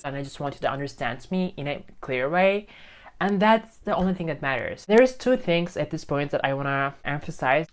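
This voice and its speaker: An English-learning vlogger who isn't a native speaker addresses his phone camera in a casual, earnest way, restating his points and leaning on fillers. His voice is on the high side, clear and resonant.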